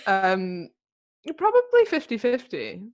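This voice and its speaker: A woman's voice: mid-range voice, huge pitch swings, slow pace, dull audio. A young woman co-hosting a podcast, chatting casually in a giggly, self-conscious way. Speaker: podcast co-host. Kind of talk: casual chat.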